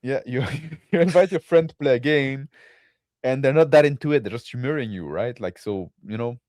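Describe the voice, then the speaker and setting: A man's voice: medium pitch, moderate pace, darkish tone, no echo, studio quality. A man co-hosting a casual chat, rambling with lots of "like" and "right?" as he reacts to a video. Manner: rambling, filler-heavy, with frequent "like" and "right?". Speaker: podcast co-host.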